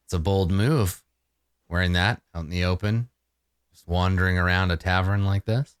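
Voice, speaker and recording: A man voicing a gruff, blunt woman who runs a card game in a tavern, speaking a little lower than his own voice. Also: steady tone, moderate pace, no room sound, clean studio sound, close to an everyday voice. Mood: wry. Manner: blunt, dismissive. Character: gruff tough woman running a card table. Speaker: game master voicing a character.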